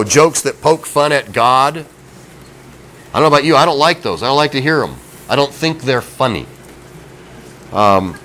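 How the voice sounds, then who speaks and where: A man's voice: on the high side, fairly bright tone, poor audio. A middle-aged man preaching a sermon in a folksy, conversational way, often asking his listeners questions. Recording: faint background noise.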